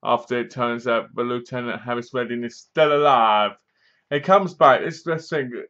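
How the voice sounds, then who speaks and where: A man at an ordinary mid pitch talks casually through a film's plot, slipping in dry, mocking jabs. He acts out snatches of scenes in comic voices as he goes. The recording sounds slightly dull and lo-fi. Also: steady tone, moderate pace, fairly bright tone. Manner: rambling, acts out bits of scenes in funny voices. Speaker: film reviewer. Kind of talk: casual spoken movie review.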